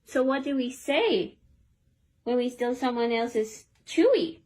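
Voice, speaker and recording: A woman, a dog owner, gently and patiently scolding her dog as if talking to a child. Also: fairly high pitch, animated, slow. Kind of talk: talking to pets.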